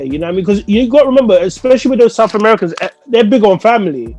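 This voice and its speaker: A man's voice: high voice, expressive, racing, darkish tone, no echo, soft background music. A man co-hosting a casual football chat, talkative and argumentative, filling his points with "you know what I mean". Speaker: football podcast co-host. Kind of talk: casual post-match chat.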